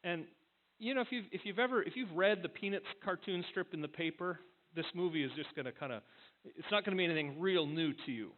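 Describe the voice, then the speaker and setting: A man's voice: high-pitched, fast talker. A male pastor giving a sermon in a conversational storytelling way, often restarting his words. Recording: tinny phone-like sound.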